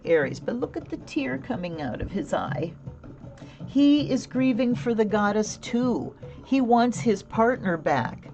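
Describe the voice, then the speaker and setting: A woman hosting a casual live tarot reading, chatting, laughing often and answering viewer comments. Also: lowish voice. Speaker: tarot reader and livestream host.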